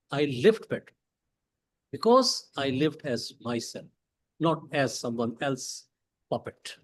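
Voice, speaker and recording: A man with a Pakistani English accent giving a prepared motivational speech at a club meeting, emphatic, with dramatic pauses and rhetorical questions. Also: medium pitch, low-quality recording. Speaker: club speaker. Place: meeting hall.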